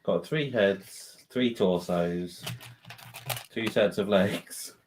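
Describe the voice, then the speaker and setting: A man giving brief, low-key replies while building. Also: extremely slow, darkish tone. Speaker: co-host of a live building stream. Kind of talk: casual chat while building. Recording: faint background noise and clicks.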